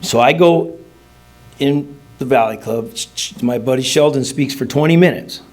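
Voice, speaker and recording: A man's voice: mid-range voice, normal speed, darkish tone. A middle-aged man speaking at a recovery meeting, telling his personal story in a rambling, humorous way with casual slang. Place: meeting room.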